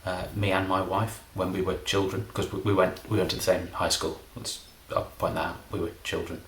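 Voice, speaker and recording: Deep-voiced deadpan man. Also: fairly quick, echoey room. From England. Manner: deadpan, self-deprecating, meandering. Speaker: comedy magician. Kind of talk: rambling comedic monologue.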